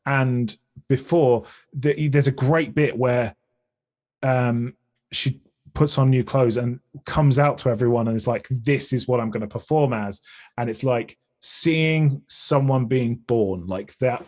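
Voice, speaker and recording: A man with an English accent chats as a guest in a relaxed interview. He talks earnestly and loosely, circling back and restarting his sentences as he thinks. His voice sits at a middle pitch. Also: slow pace. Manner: chatty, earnest, restarts often while thinking. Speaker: podcast guest, comedian and streamer. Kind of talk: casual conversational interview.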